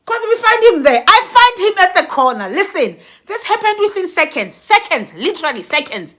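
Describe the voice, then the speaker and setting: Very high, bright woman. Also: sing-song, a little fast. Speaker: vlogger telling a story. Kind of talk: animated storytime vlog.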